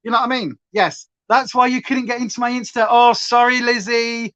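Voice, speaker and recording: A woman's voice: a little high, normal speed, hardly any pauses, a bit bright. A woman talks her viewers through a makeup look in a loose, rambling way. She drops sentences halfway and picks up comments from the chat as she goes. The sound is dull and lo-fi, like a home livestream mic. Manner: rambling, breaks off mid-sentence, reads chat aloud. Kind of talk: chatty livestream makeup tutorial.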